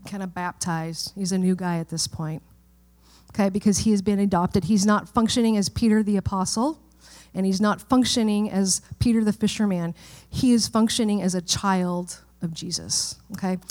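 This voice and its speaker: A woman's voice: mid-range voice, a little mellow. A middle-aged woman pastor preaching a sermon in a church, in a conversational way that often checks in with the listeners.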